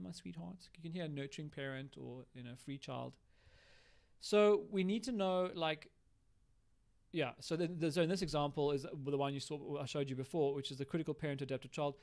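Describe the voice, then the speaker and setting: A man's voice: fairly high pitch, a little mellow. A man explaining communication styles in a live-streamed teaching talk, acting out example lines as he goes. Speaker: recovery educator.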